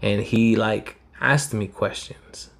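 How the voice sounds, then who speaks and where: A man's voice: on the low side, fairly even intonation, slow, vocal fry. A man, telling a personal story in a rambling, heated, profane way. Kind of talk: casual storytelling.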